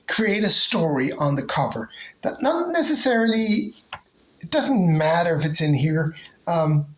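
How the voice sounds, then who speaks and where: A comic collector casually showing off favorite covers, talking hesitantly with lots of pauses and restarts. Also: medium pitch, poor audio. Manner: hesitant, many fillers and restarts.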